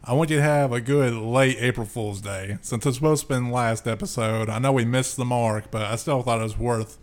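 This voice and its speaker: A man's voice: mid-range voice, fairly even intonation, a little fast. A man co-hosting a podcast, introducing segments and making easygoing, jokey remarks. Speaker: podcast co-host. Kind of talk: casual chat, introducing a segment.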